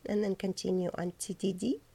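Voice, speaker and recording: A woman teaching a choir the diction of their parts, explaining slowly and precisely and breaking into high, light sung syllables to demonstrate. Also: fairly even intonation, vocal fry, dark tone, husky. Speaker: choir director. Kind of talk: choral diction lesson.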